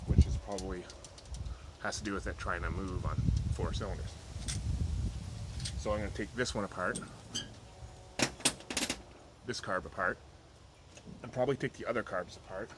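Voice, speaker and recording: A man with a fairly low voice talks through his project in an easygoing, rambling way, dropping dry jokes as he goes. It sounds like a home video shot in a garage, with plenty of background noise under his voice. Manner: rambling, offhand, jokey. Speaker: car hobbyist vlogger. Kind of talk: casual workshop vlog.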